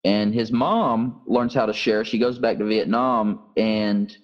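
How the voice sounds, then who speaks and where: A man's voice: lowish voice, slow. Earnest man telling a story, lo-fi. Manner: earnest, first-person testimony. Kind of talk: storytelling in an interview.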